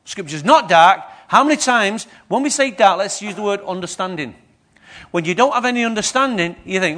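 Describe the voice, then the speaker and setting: A man delivers a sermon in a high, lifted voice. He keeps checking in with the congregation, throwing questions at them as he preaches. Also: expressive, normal speed, fairly bright tone.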